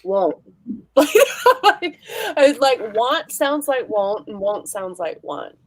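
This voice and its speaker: A woman's voice: medium pitch, big pitch swings, slow pace. A woman who is a guest on a casual livestream chat, playful and giggly, drawing out her vowels. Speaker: guest writer.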